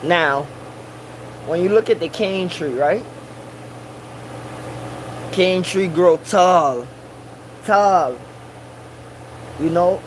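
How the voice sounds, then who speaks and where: A man's voice: high voice, drawn-out words, pauses often, a little hiss or hum, low-quality recording. A man in a casual monologue who preaches and repeats his points for emphasis, using Rasta slang and Caribbean English grammar.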